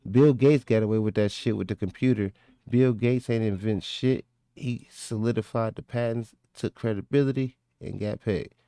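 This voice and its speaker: Guy ranting and cussing, dark dry voice, right up on the mic. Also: lowish voice, moderate pace, dry recording. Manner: loud, profane, argumentative. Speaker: stream host. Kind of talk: casual chat.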